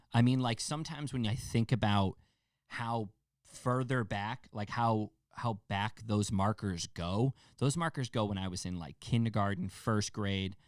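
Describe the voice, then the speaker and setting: A man's voice: on the low side, dry recording, clean studio sound. A young man hosting a podcast, rambling and joking casually with plenty of profanity. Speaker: podcast host. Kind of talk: casual monologue.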